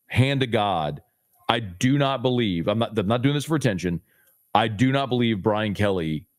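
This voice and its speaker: A man, a sports radio host appearing as a podcast guest, talking emphatically and teasing in quick bursts. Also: on the low side, no echo, clean studio sound. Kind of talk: animated podcast chat.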